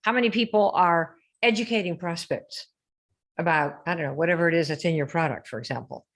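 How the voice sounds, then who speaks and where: Her voice sits fairly low and moves at a fairly quick clip as she leads a live online sales coaching session. She keeps asking listeners rhetorical questions and ridicules standard sales posts by reciting them in a mocking sing-song.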